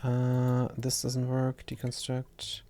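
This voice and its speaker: A man's voice: mid-range voice, completely flat delivery, takes it slowly, warm tone, faint music behind. A young man with a non-native English accent, chatting casually while playing a game, rambling and stumbling over his words. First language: not English. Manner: rambling, self-deprecating, stumbles and restarts words. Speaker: gaming streamer. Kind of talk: casual gameplay commentary.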